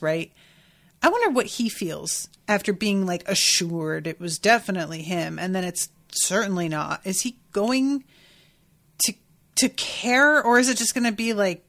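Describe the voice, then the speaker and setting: A woman's voice: medium pitch, animated, a little slow, a bit bright. A woman hosting a podcast, reading passages from a book aloud and reacting to them candidly with frank asides and casual swearing. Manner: candid and irreverent, swears freely, rhetorical questions. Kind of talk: casual chat mixed with read-aloud passages.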